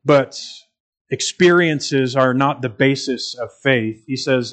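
A man's voice: medium pitch, slow pace, a bit bright. A man preaching a sermon in an earnest, emphatic way, repeating phrases for stress.

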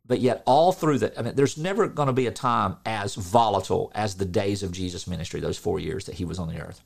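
Preaching informally, a middle-aged man stays earnest and lively, performing quotes and letting out an occasional laugh. His lowish voice is creaky and fairly quick.

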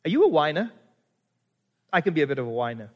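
Middle-aged male pastor, high voice, conversational sermon full of rhetorical questions, long church-hall reverb. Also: very animated, quick pace, muffled recording. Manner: conversational, asks the congregation many rhetorical questions.

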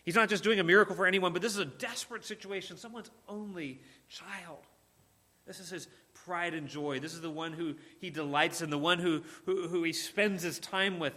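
A man delivers a sermon in a bright, forceful voice pitched a little high. He speaks earnestly and with emphasis, often repeating words and restarting phrases. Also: moderate pace. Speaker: preacher.

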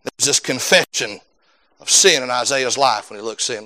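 A man preaching a sermon, swinging between loud rising peaks and low hushed passages. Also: moderate pace.

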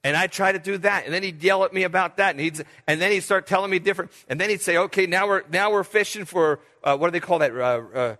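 An older man preaches in a folksy, storytelling way and acts out the voices of the people in his tales. His voice sits a little high and rings bright and forceful. A long church-hall reverb trails after each phrase. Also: quick pace, few pauses. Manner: folksy and animated, telling stories with quoted voices. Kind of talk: sermon with personal storytelling.

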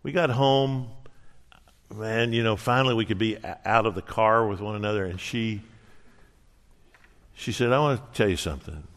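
A middle-aged man preaching a sermon, telling a personal story with earnest warmth and acting out quoted dialogue. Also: lowish voice, steady tone, normal speed, pauses often. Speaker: pastor. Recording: reverberant hall.

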